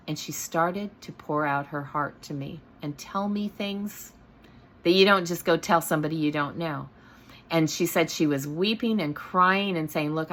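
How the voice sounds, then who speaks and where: A middle-aged woman with a low, deep voice tells a story from her own life. Her talk is casual and rambling, full of fillers and false starts. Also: fairly bright tone. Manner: rambling, many fillers and restarts. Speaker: host.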